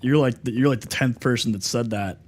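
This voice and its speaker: Brisk and medium-pitched, a young Texan gamer chats casually on his livestream, responding to viewers and calling them dude and brother. A little hiss or hum runs under the recording.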